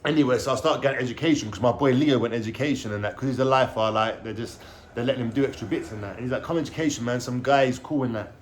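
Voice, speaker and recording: A man with a London accent telling a personal story to camera in a casual, animated way, using heavy street slang and frequent swearing. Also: medium pitch, rapid-fire, a little hiss or hum. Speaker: vlogger telling his life story.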